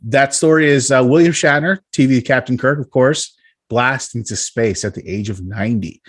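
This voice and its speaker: A man hosting a casual podcast, talking in a rambling way full of fillers and restarts. His voice sits at an ordinary middle pitch. He laughs often between thoughts. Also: normal speed, fairly bright tone. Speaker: podcast host.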